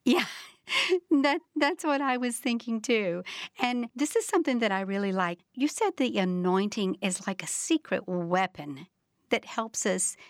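A woman's voice: mid-range voice, no room sound, clean studio sound. Enthusiastic woman talk show host. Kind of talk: interview conversation.

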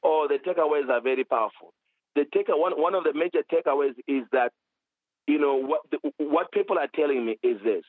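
A man minister telling a lively testimony in an interview, acting out quoted dialogue as he goes. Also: a little high, fairly quick, dry recording, narrow, tinny audio. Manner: animated storytelling with quoted dialogue. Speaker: minister, author.

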